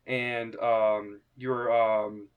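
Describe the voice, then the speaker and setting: A man's voice: mid-range voice, level tone, clean tone, phone-quality sound. Young man narrating as game master. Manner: halting, lots of fillers and restarts.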